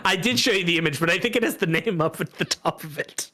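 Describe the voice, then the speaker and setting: A man narrating a tabletop game as game master, describing scenes in a relaxed way and laughing easily. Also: a little high, fast.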